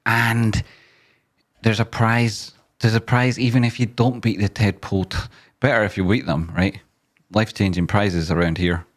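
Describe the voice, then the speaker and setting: A man's voice: fairly low pitch, fairly even intonation, normal speed. A man hosting a casual live stream, joking and teasing as he reads viewer comments aloud and hypes up a guess-the-tune game.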